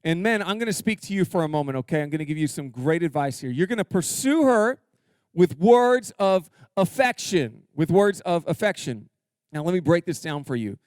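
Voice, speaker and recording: A male pastor delivers an energetic, joking sermon and pushes his congregation to answer back. His voice sits a bit high and comes through smooth and resonant. The sound is dry and close. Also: brisk, no room sound. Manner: energetic, humorous, calls for audience response. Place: church sanctuary.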